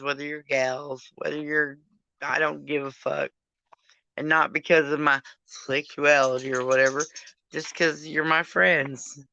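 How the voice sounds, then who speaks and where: A tipsy woman hosting a live chat, rambling and sweet with a crude streak. Her voice is gravelly and bright, her pace slow and loose, and the sound is dry and close to the mic. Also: low voice, no echo, dull audio. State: drunk.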